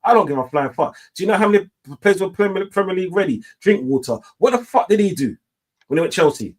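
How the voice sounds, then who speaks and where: A man's voice: high voice, animated, quick pace. A man hosting a football fan call-in show, ranting heatedly with heavy swearing and slang.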